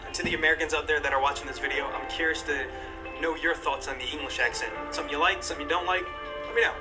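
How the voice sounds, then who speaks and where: Brisk upbeat vlogger man over music. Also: on the high side, fairly even intonation, poor audio. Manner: upbeat, teasing. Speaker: street interviewer. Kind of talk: vlog outro to camera. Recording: music under the voice.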